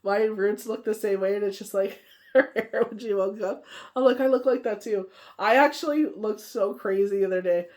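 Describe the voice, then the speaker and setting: A woman's voice: medium pitch, normal speed, a little mellow. Tired woman doing a daily tarot reading, super chatty and rambly, lots of "you know", laughs a lot. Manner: laughs often while telling stories. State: tired from coughing fits. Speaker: tarot card reader.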